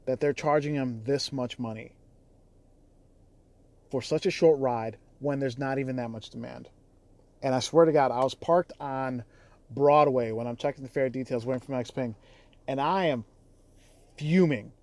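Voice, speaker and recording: A man's voice: mid-range voice, a little mellow, no echo. A man who drives for a rideshare app, talking in a casual vlog with a heated, exasperated, profane delivery. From Chicago area.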